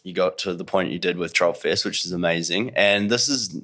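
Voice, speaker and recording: A man's voice: low-pitched, a little fast, pushed and bright. A man hosting a podcast, chatting casually and often finishing his guest's thoughts. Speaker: podcast host. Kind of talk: casual interview chat.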